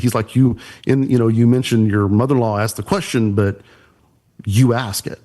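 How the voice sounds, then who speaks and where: A man's voice: medium pitch, steady tone, normal speed, warm tone. A man, a church production pastor and podcast guest, earnestly telling an emotional personal story.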